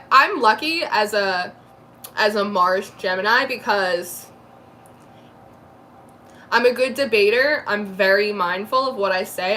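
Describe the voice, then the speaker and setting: Woman, tarot reader, talkative, mid pitch, faint background noise. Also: bright, forceful tone. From New Jersey. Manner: chatty, laughs often, quick asides. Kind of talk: live tarot reading chat.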